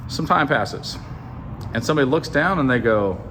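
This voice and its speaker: A man casually retelling a Bible story as a comedy bit, animated and full of joking asides to the listener. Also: mid-range voice, normal speed, a little hiss or hum.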